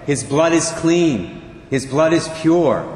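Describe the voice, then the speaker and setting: A man voicing a grave older male doctor, speaking quietly, urgently and solemnly. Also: fairly high pitch, lively intonation, takes it slowly. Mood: solemn pleading. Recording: echoey hall, faint ambience.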